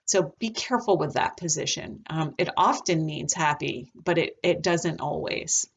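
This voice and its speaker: A woman teaching a recorded lesson on dog behavior, talking in a relaxed, chatty way with frequent ums. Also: low voice, moderate pace, gravelly, slightly rough. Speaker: dog trainer.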